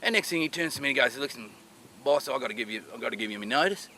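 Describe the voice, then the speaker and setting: Man playing a sweary Aussie stockman boss, bright, lively delivery. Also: medium pitch, a little hiss or hum. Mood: blunt. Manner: gruff, sweary, quick. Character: rough rural Australian cattle boss, blunt, swearing. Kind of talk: mockumentary interview acting.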